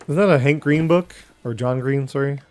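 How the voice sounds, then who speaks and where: A man's voice: mid-range voice, normal speed, darkish tone. A young man streaming a game live, chatting casually with his viewers and reacting as he plays. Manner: chatty, reacting and talking to chat while playing.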